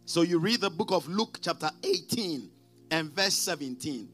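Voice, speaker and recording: A man preaching a sermon as pastor, emphatic, calling on the congregation to repeat after him and swinging between loud declarations and quiet asides. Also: a little high, expressive, normal speed, soft background music. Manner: preaching with call-and-response prompts to the congregation.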